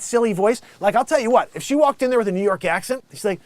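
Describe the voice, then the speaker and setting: Lively high-voiced man riffing comically. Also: no room sound. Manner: animated, mocking, does quick voices in quoted bits. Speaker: host. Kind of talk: casual comedic commentary.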